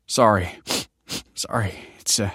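A man's voice: on the low side, expressive, normal speed, no echo, studio quality. A man voicing an earnest, troubled young man who talks in a glum, self-deprecating way.

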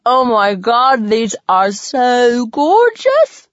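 A woman's voice: fairly high pitch, big pitch swings, measured pace, fairly bright tone, no room sound, dull audio, full character voice. A woman playing a chatty, gossipy teenage girl in an audiobook, talking in gushing, filler-heavy chatter.

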